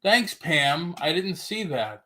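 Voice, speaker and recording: A man's voice: fairly high pitch, sing-song, slow pace, bright, forceful tone. A man hosting a casual livestream chat, joking around and reading viewer comments aloud as he talks. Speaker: livestream host. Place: home livestream.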